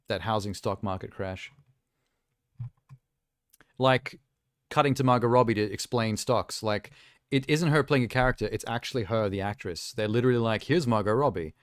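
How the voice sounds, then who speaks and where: Smooth low-voiced male streamer chatting. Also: no room sound, studio quality. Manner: rambling, chatty, self-amused asides. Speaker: live streamer. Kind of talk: casual chat while reacting to trailers.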